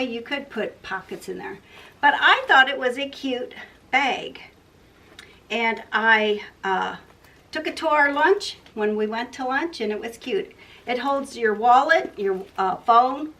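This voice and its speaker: A chatty older woman with a drawl, talking casually about her sewing. Her voice sits a little high, and she rambles and loses her thread. She sounds a bit distant from the mic. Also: a bit bright. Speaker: sewing channel host. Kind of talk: casual sewing vlog chat.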